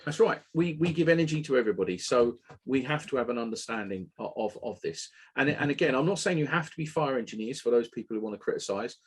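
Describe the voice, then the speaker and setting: Husky, animated man hosting. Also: medium pitch, fast talker, hardly any pauses. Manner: animated, opinionated, occasional swearing. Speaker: webinar host. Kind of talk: casual technical webinar talk.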